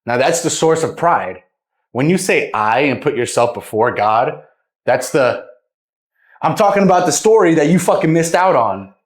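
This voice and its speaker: A man's voice: a little high, animated, moderate pace, reverberant. A young man casually retelling a Bible parable, rambling and repeating words as he goes. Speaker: vlogger.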